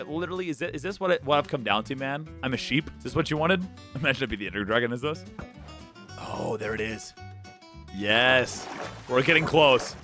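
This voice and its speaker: Excitable young man with a bright, lively voice. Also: mid-range voice. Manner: goofy, excitable, jokey banter with the game's mobs. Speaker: gaming YouTuber. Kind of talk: Minecraft let's play commentary.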